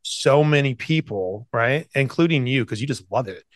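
A man's voice: mid-range voice, lively intonation, moderate pace, no echo. Rambling man chatting on a podcast. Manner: rambling with many restarts and fillers. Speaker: podcast co-host, chef. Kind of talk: casual chat.

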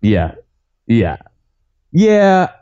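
Give me a laid-back man on a sports podcast who laughs easily and sounds incredulous. His voice is mellow and swings widely in pitch. The recording is a little dull. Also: wildly swooping pitch, very slow, clean tone. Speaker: podcast co-host. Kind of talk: casual sports chat.

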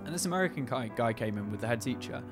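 A man's voice: medium pitch, animated, very fast, music in the background. A young English man co-hosting a podcast, telling funny stories in a casual, sweary, joking way. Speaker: podcast co-host. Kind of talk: casual chat, storytelling.

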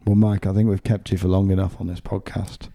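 A man's voice: low-pitched, little pitch movement, a little fast, dark tone. A man hosting a podcast, joking and chatting casually with his guests. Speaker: podcast host. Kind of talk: casual chat.

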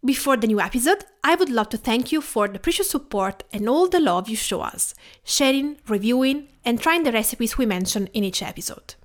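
A woman from Tuscany with an Italian accent, hosting her podcast in a gentle, reflective scripted narration. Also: fairly high pitch, lively intonation, brisk. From Tuscany, Italy. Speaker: podcast host.

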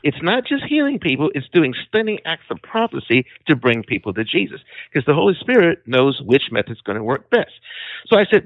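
A man telling a dramatic personal testimony as a guest, calling in over the phone, emphatic and animated. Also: on the high side, a little fast, dry recording. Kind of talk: storytelling testimony. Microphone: phone call. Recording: tinny phone line.

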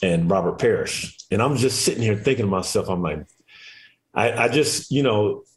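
A man in his forties, a former athlete, talking in a relaxed, rambling, reflective way as a radio show guest. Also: on the low side, normal speed. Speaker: guest, former basketball player and coach. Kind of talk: casual interview chat.

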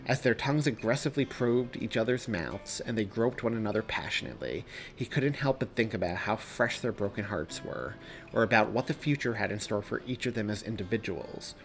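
A man with a lowish voice reads his own novel aloud, keeping a steady, even storytelling pace. Soft music runs faintly behind the narration. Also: brisk. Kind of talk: audiobook narration.

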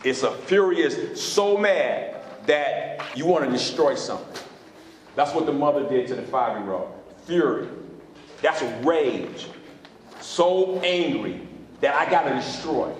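A man's voice: fairly high pitch, animated, unhurried, slight background noise. A man preaching a sermon as pastor, questioning his congregation in call-and-response style from a church sanctuary. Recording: echoey hall.

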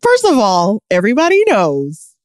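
Low voiced woman goofing around on a podcast mic, swings all over, dry sound. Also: normal speed, dry recording. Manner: animated, jokey, drops to mutters and whispers. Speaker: podcast co-host. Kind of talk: casual chat. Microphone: studio microphone.

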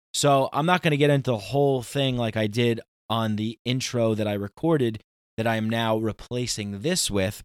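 A man's voice: mid-range voice, no room sound, studio quality. A man hosting a podcast, talking in a casual, ranting monologue with emphatic outbursts. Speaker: podcast host.

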